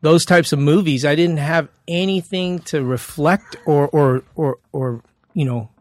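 A man's voice: on the high side, a little slow, dry recording. A man as a podcast guest, telling stories in a casual, laid-back way on a studio mic. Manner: animated, acts out quoted dialogue; laid-back slang-heavy talk. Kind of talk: casual interview storytelling.

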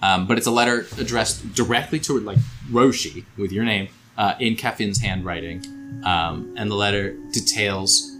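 A man's voice: lowish voice, moderate pace, fairly bright tone, slight background noise. A man narrating as game master of a tabletop game, laid-back and hesitant, with frequent ums.

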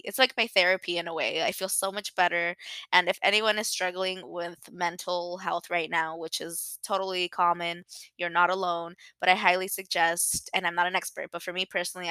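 A young woman talks into her podcast mic about a hard stretch of life, open and unguarded, often circling back and correcting herself. Her voice sits a little low but sounds bright and forward, and she is fighting back tears. The sound is dry and close, with no room around it. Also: clear, resonant tone, no echo, poor audio. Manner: candid, emotional, rambling with restarts. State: near tears. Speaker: podcast host. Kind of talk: personal podcast monologue.

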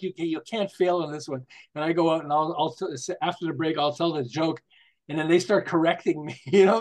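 An older man, a marketing consultant, chatting as a podcast guest and telling stories with frequent laughter. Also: a little high. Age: 60s or older. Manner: animated, laughs often while telling jokes and anecdotes. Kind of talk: casual conversational storytelling.

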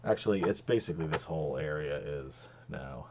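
A man acting as game master, talking casually in a halting way with many restarts. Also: a bass voice, lively intonation, creaky, slight background noise. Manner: halting, lots of ums and restarts. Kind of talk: running a tabletop game, casual.

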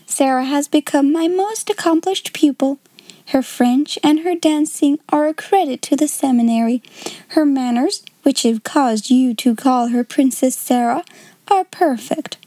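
A woman's voice: high-pitched, a little slow, dark tone, dry recording. A woman voicing a stern, prim middle-aged headmistress who speaks in cold, precise formal phrases.

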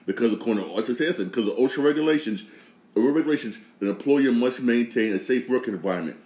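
A man's voice: mid-range voice, quick pace, darkish tone. A man hosting a podcast, giving opinionated sports and news commentary in an emphatic way, repeating phrases and restarting sentences. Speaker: podcast host. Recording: echoey room.

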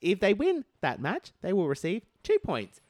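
A man's voice: high-pitched, normal speed, no echo. Aussie guy co-hosting, hyped and jokey, voice all over the place, dry close sound. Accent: Australian. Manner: excitable, laughs often, theatrical. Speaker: co-host. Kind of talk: casual podcast banter.

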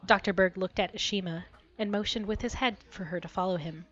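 A woman co-hosting a podcast, reading a story aloud with lively expression and joking banter. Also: medium pitch, brisk, highs cut off. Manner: expressive, giggly.

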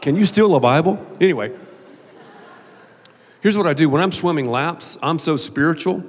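A man from the American South preaching a sermon as pastor, animated and jokey, slipping into mock voices. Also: on the high side, moderate pace. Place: large church auditorium. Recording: long reverb of a large hall.

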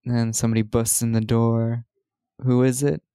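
A man's voice: medium pitch, flat delivery, moderate pace, warm tone, clean tone, dry recording. A man co-hosting a podcast, chatting casually and retelling movie scenes with lots of laughter. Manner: laughs often, retells scenes with quoted lines. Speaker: podcast co-host recapping a movie. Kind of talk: casual chat.

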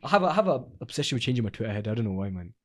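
A man's voice: mid-range voice, very animated, very fast, a bit bright. A young man, co-hosting a podcast in casual chat. He rambles, restarts often and uses a lot of slang. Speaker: podcast co-host.

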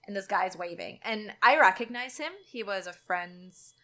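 A young woman, telling a dating story in casual chat and acting out the quotes with big jumps in pitch. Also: normal speed, a bit bright.

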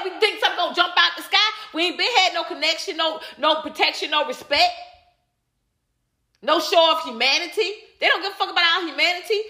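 A woman's voice: very high-pitched, fast, sharp tone. Emphatic woman ranting in an echoey room. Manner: emphatic, repetitive, blunt, swears. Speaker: livestream commentator reading viewer comments. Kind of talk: heated casual opinion rant.

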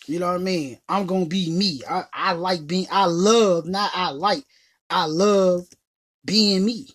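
A woman's voice: fairly low pitch, a little slow. A woman hosting a casual motivational talk, who speaks emphatically and repeats her phrases in a slangy, conversational way. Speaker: motivational podcast host.

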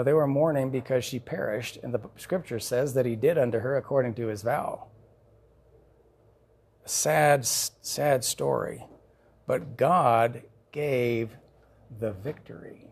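A male pastor preaching a sermon, telling the story in an animated way with chuckles. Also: medium pitch, slow pace, vocal fry, long pauses, breathy edge.

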